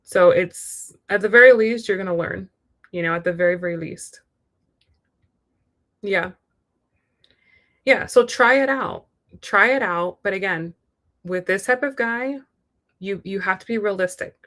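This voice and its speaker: A young woman reads tarot live for a viewer, talking frankly in a loose, chatty way. She keeps slipping into quick acted-out lines of what a partner might say. Her voice sits in an ordinary middle pitch. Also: a bit bright. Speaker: tarot reader. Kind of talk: live-stream tarot reading.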